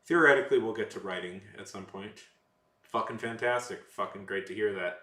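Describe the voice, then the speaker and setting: A man's voice: on the low side, a little fast, fairly bright tone. A man chatting casually with his live chat while streaming, rambling with self-corrections and sarcastic asides. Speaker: livestreamer. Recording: roomy echo.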